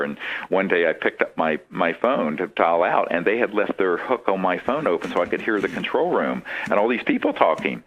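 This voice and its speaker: Low-voiced man telling animated stories. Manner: animated, acts out quoted voices, laughs often. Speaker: interview guest. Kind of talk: conversational storytelling. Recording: dull lo-fi audio.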